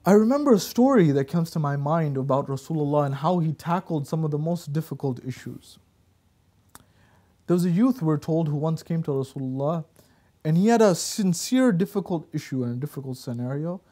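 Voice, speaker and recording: Animated high-voiced man telling stories. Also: brisk. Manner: storytelling preacher, animated and emphatic. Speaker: guest speaker. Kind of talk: religious talk show discussion.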